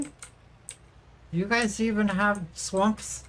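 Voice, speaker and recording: A woman's voice: mid-range voice, takes it slowly, a bit bright. A woman streamer from Sweden in casual livestream chat with her viewers, rambling, giggling and swearing freely.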